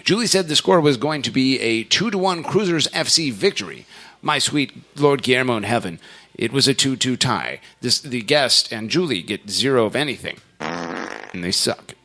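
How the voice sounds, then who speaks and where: A man's voice: mid-range voice, animated, moderate pace, pushed and bright. A man hosting a casual podcast, reading out score predictions with mock-solemn sarcasm and swearing. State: been drinking beer. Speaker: podcast host. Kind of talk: casual banter, reading out standings.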